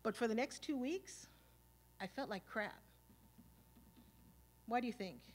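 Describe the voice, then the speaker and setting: A woman's voice: on the high side, unhurried. Streetwise Los woman telling stories. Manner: casual, streetwise and profane, full of "you know" and "like"; animated, acting out past arguments. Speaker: speaker. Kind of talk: storytelling talk at a symposium. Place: stage at a live event.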